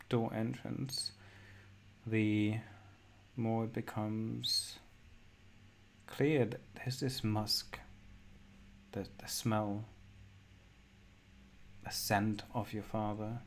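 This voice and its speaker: A man narrating a horror tabletop game as game master, in a measured, descriptive way. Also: lowish voice, steady tone, creaky, a little hiss or hum.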